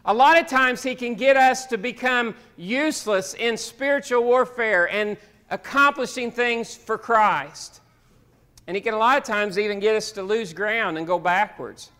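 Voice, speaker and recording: High, bright-voiced folksy preacher. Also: male voice, clear, resonant tone. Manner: folksy storytelling preacher with homespun sayings. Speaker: pastor. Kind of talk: sermon.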